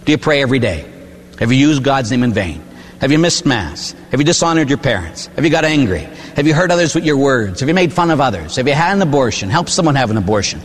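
An older priest from Pittsburgh preaching a homespun sermon, his middle-pitched voice trailing off into a long church reverb. He tells stories, breaks in with little tag questions and acts out the people he talks about. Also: sing-song, fast talker. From Pittsburgh, USA.

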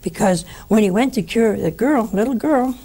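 A woman giving a conversational spiritual teaching, telling stories with lively asides to her listeners. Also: a little high, normal speed.

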